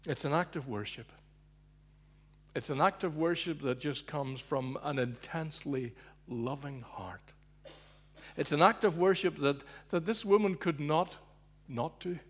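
A man with a husky, slightly breathy voice delivers a sermon in a storytelling way. He swings between emphatic, raised passages and quiet, low-spoken moments. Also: measured pace. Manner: storytelling, shifting between loud emphasis and hushed low asides. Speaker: preacher.

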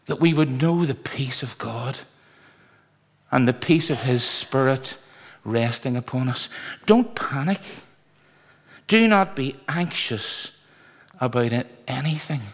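A man's voice: medium pitch, lively intonation, slow, long pauses. A man preaching and leading his congregation in a large church, speaking in an earnest, conversational way with sudden exclamations. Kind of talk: sermon with congregational singing. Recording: echoey church hall.

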